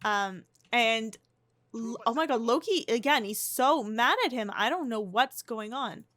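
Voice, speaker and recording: A woman's voice: a little high, animated, unhurried, fairly bright tone. A young woman giving casual, chatty gameplay commentary, often restarting and gasping. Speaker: life-sim gameplay narrator. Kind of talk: casual let's-play commentary.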